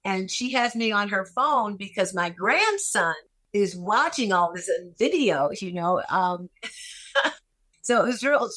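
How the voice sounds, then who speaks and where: A woman's voice: mid-range voice, lively intonation, takes it slowly, fairly bright tone. An older woman, a guest actress, telling a personal story in a podcast interview, emotional and repeating phrases for emphasis.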